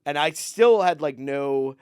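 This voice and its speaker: A man and comedian on a podcast telling rambling stories, acting out the people he quotes in a higher voice. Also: expressive, measured pace, darkish tone, smooth, no echo, studio quality. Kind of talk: casual storytelling chat.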